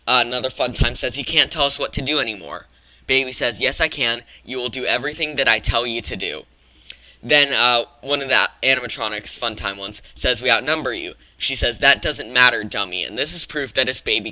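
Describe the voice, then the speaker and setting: A man's voice: medium pitch, pushed and bright, no echo, poor audio. A man hosting a gaming channel, talking casually through a video-game theory, often restarting and correcting himself. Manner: rambling, frequent self-corrections and restarts.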